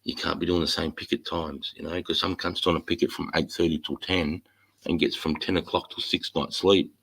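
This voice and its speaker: A man's voice: deep voice, level tone, brisk, gravelly, fairly bright tone, husky, poor audio. A middle-aged man with an Australian accent, chatting bluntly and swearing freely about army life as the host. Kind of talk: casual chat.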